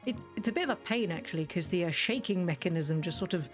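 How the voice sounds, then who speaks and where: A woman's voice: fairly low pitch, expressive, quick pace, faint music behind. A woman chatting and rambling through a game playthrough, often correcting herself and laughing. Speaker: streamer. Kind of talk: let's play commentary.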